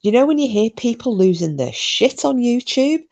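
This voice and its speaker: A woman's voice: a little high, very animated, normal speed, a little mellow. Chatty sweary woman streamer. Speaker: live-stream host. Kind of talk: casual live-stream chat, reading comments.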